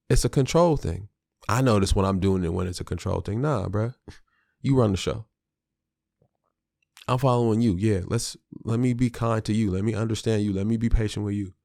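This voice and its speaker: Man, podcast host, very low voice, gravelly, mellow tone, reflective, slangy, candid. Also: dry recording, clean studio sound. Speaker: father of a small child. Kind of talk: solo podcast monologue.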